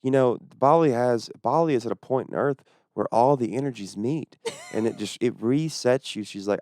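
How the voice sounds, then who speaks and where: A man, a stand-up comedian, telling a story on a podcast in an animated, profane and exasperated way. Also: medium pitch, normal speed, no echo, studio quality. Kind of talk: casual storytelling chat.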